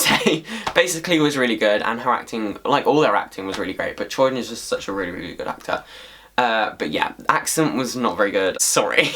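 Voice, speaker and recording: A man ranting casually to camera as a vlogger, swearing freely in an animated, exasperated way. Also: mid-range voice.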